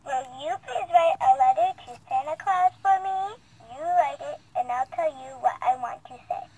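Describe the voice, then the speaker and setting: A woman's voice: high-pitched, moderate pace, heavy background noise, voice pushed up, lightly acted. A woman reading a storybook aloud, voicing a sweet, greedy little girl in a sugary, coaxing tone. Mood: wheedling.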